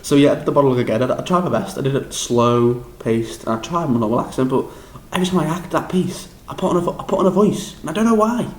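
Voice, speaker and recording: A young man with a Liverpool accent, recapping a drama school audition in a rambling, excitable, self-deprecating way with lots of restarts. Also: a little high, fast talker, hardly any pauses, reverberant, low-quality recording. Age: young adult. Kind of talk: casual vlog recap.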